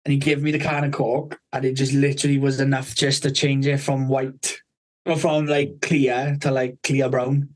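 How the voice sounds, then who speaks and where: A man's voice: mid-range voice, flat delivery, normal speed, rough recording. A man telling a rambling story on a podcast, swearing constantly and acting out the people he quotes.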